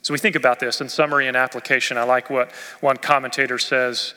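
A male pastor preaching a sermon expressively, rising in force and dropping to near quiet. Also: medium pitch, flat delivery, quick pace, hardly any pauses. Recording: long reverb of a church hall.

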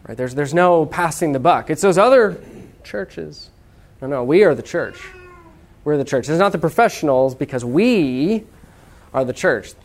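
A man preaching a sermon in a conversational, humorous way, with asides and restarts. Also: a little high. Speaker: pastor.

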